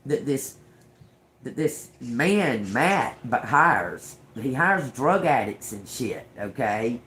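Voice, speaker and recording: Speaking slowly in a very deep, very animated voice, a middle-aged livestream host rants furiously about something personal, swearing constantly. The audio has a roomy echo and a slight hiss or hum.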